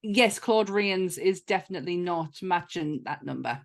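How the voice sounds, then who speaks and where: A woman with a Northern English accent talks in a relaxed, chatty way, her voice sitting a little low. She laughs often and swears casually as she chats with friends on a podcast. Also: normal speed, vocal fry. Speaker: podcast co-host. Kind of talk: casual chat.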